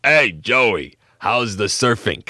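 A man voicing a heavyset older Sicilian man with a Brooklyn accent and a big gruff voice. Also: on the low side, expressive, slow, bright, forceful tone, no room sound, studio quality, heavily acted.

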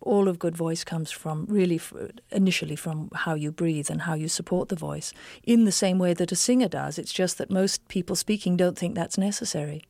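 An English stage actress answering interview questions in an articulate, emphatic, opinionated way. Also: female voice, fairly low pitch, a little fast, creaky, hardly any pauses, dark tone, no echo, studio quality. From England.

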